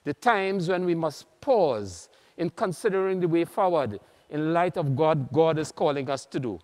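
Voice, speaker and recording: A man with a Trinidadian accent, a priest preaching an earnest, measured sermon with many pauses. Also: fairly high pitch, animated, darkish tone. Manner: earnest, measured, pausing often. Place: large church. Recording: long church reverb.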